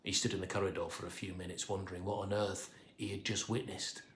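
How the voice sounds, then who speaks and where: A man narrating a children's storybook in an expressive, playful manner. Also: sits low, fast talker. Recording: echoey room.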